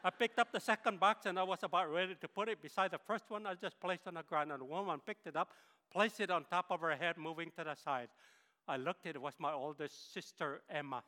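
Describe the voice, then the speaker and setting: Guy in his 60s preaching a testimony, kinda high voice, long church hall echo. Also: fairly quick, bright, forceful tone. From northern Philippines. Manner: impassioned storytelling. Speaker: missionary pilot, guest speaker. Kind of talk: sermon testimony.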